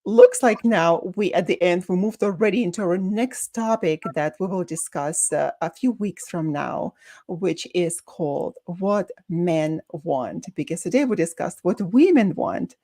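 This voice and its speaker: A woman's voice: on the low side, animated, warm tone. Enthusiastic woman host wrapping up. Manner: enthusiastic, fast-talking praise. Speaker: show host. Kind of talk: interview wrap-up.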